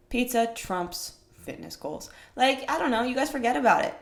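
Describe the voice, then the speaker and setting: A woman's voice: medium pitch, fast. A young woman hosting a fitness podcast, talking bluntly with lots of swearing and fired-up rhetorical questions. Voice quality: blunt, profane, emphatic. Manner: rhetorical questions, animated swings in loudness. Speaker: fitness podcast host, personal trainer. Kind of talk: casual monologue. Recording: roomy echo.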